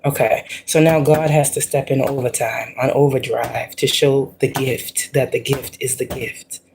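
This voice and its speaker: Animated woman giving a spiritual pep talk. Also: a bass voice, measured pace, creaky, a little hiss or hum. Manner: animated, repetitive, laughs often. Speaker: spiritual livestream host.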